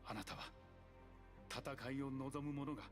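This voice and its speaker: An actor playing a steadfast young man in a game, speaking softly and faintly, with game music playing. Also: medium pitch, fairly quick, natural voice. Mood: resolute. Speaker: game character. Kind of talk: Japanese game voice acting. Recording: game audio under music.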